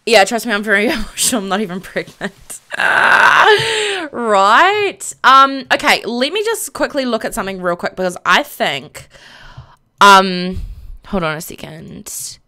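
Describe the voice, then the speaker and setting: A woman live-streaming a game, chatting casually to viewers in a flustered, excitable way and exclaiming often. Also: mid-range voice, moderate pace. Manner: flustered, excitable, lots of "oh my gosh" and laughing.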